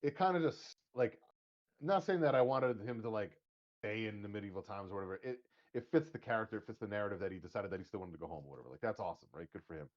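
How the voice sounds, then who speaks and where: Fast, rambling man on lo-fi audio. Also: lowish voice. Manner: rambling, halting, many fillers. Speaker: podcast co-host. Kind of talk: casual movie discussion.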